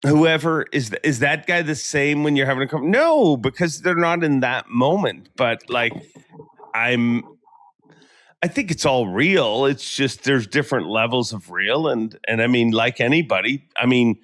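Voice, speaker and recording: Animated joking male podcast host. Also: medium pitch, measured pace. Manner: animated, joking, rambling with many restarts. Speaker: podcast host and tournament emcee. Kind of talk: casual chat.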